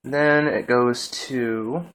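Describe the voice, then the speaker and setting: Casual young male reviewer, slow, rambling recap delivery, mid-range voice. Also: mid-range voice, fairly even intonation, a bit bright, clear, resonant tone. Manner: rambling, lots of "he's like" retelling. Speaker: TV episode reviewer.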